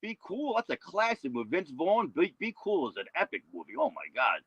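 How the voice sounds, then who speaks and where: Brief: man, guest on a stream, rambling and repetitive, bright forceful tone, dull lo-fi audio. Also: high voice, very animated, fairly quick, husky. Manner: rambling, repeats "you know what I mean". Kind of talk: casual livestream chat.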